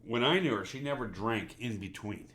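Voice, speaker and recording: Middle-aged guy w pittsburgh accent, lowish bright voice, rambling podcast chat. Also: normal speed. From Southern US. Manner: rambling storyteller, trailing off mid-sentence. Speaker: podcast co-host. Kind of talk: casual chat.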